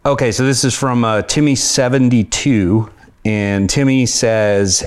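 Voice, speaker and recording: A man's voice: medium pitch, fairly even intonation, a little slow, clear, resonant tone. A man in his thirties hosting a casual comedy podcast, easygoing and hesitant, with plenty of ums and uhs. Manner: easygoing, hesitant with many fillers. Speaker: podcast host.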